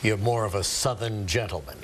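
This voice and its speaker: A man's voice: fairly low pitch, a little fast, a loud crowd. A man hosting a talk show, putting short, direct questions to his guest in a casual tone.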